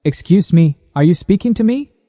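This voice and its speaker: A man voicing an earnest young girl who was once a spy, in a plain even reading. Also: sits high, moderate pace, in a large hall, voice pushed up.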